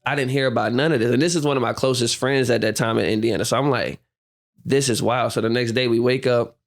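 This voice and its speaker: A man's voice: mid-range voice, fast. Laid-back man telling stories. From United States. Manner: animated storyteller, acts out quotes, laughs often. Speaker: guest, professional basketball player. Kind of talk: casual storytelling interview.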